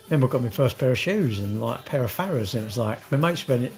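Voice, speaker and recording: A man's voice: medium pitch, lively intonation, fast talker, vocal fry, hardly any pauses, a little mellow, faint music behind. A middle-aged man, rambling in casual vlog chat, swearing and joking. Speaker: vlogger.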